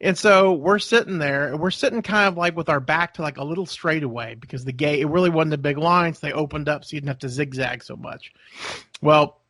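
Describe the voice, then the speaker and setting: A man rambles through a story in a casual podcast chat. His voice sits a little high, and he drops into acted voices for the people in his story. The sound is dry and close to the mic. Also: fairly quick, a bit bright, no echo. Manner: rambling storyteller, acts out voices, laughs often. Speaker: podcast co-host.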